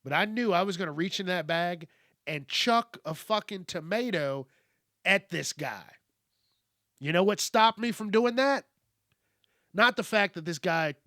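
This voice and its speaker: Bright, animated man telling a story. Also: high-pitched, no room sound, studio quality. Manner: animated, profane and wry. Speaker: podcast host. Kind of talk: casual storytelling monologue.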